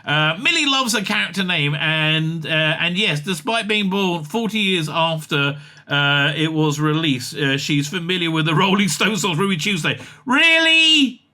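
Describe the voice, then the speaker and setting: A man giving casual comic commentary on an interview, excitable and rambling, with many fillers and laughs. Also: a little high, moderate pace.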